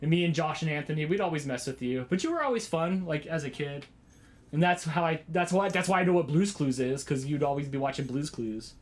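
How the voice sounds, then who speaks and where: Excitable man rambling on a livestream. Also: a little high, fairly quick. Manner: rambling, excitable, often exclaims. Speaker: vlogger hosting a livestream. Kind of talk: casual livestream chat with viewers.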